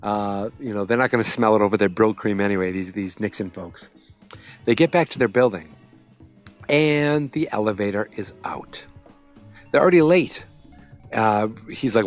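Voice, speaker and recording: A man's voice: on the low side, animated, moderate pace, faint music behind. A man hosting a podcast, recapping a TV episode in a casual, sarcastic way with lots of fillers. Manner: chatty, sarcastic, lots of fillers and quoted voices. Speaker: podcast host.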